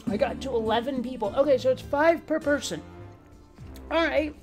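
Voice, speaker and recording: A woman's voice: high voice, normal speed, faint music behind. Sassy woman doing game commentary. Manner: playful, sassy banter with game characters. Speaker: let's play gamer.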